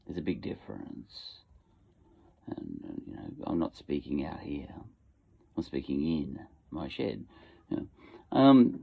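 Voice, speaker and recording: A man's voice: extremely low pitch, sing-song, measured pace, vocal fry, long pauses, dark tone, breathy edge. An Australian man rambling casually in a home shed, full of fillers and asides. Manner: meandering, many fillers and asides. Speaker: podcast host. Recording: tinny phone-like lo-fi sound.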